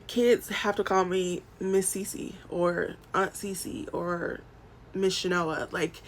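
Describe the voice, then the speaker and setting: A woman from the American South, talking through a TV episode in casual solo commentary, animated and profane, swinging from loud outbursts to soft murmurs. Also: on the low side, slow pace, slight background noise.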